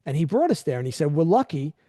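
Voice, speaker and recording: A middle-aged man hosting a podcast in casual chat. He tells stories with lively swings in pitch and acts out what other people said. His voice is mellow and dark, and it is recorded close and dry. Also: fast, no room sound. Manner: animated storyteller, acts out quoted dialogue. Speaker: podcast host.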